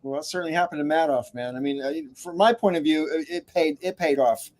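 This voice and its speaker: A man in a casual podcast chat, talking quickly and conversationally. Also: a little high, darkish tone.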